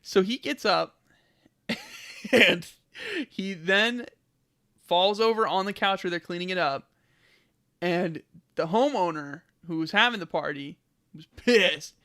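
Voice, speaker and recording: Young male podcast co-host, high bright voice, animated retelling with lots of laughter. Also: slow, long pauses. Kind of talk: casual storytelling chat. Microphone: podcast mic.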